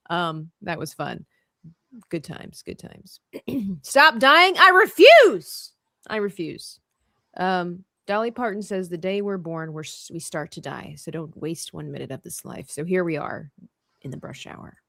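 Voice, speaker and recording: A woman's voice: mid-range voice, no room sound, studio quality. A woman hosting a casual live drawing stream, chatting and laughing as she works. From Canada. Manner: chatty, laughs often, animated delivery. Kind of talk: casual chat while drawing.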